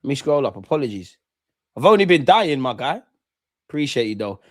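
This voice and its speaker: A young man, chatting with viewers and shouting them out during a live football watch-along. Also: mid-range voice, big pitch swings, fairly quick, no echo, clean studio sound. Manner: chatty slang-heavy banter, shouting out viewers. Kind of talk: live reaction chat.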